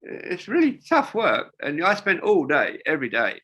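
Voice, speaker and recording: A man's voice: a little high, huge pitch swings, moderate pace, bright, forceful tone, slightly rough. An older man, a wingsuit designer, telling rambling stories in a casual interview, with lots of fillers and restarts.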